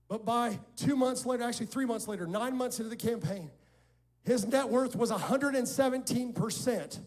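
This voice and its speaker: A man preaching a sermon as pastor, telling stories, quoting people and calling on the congregation to respond. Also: extremely high pitch. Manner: animated storytelling, quoting others and calling on the congregation. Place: church sanctuary before a congregation.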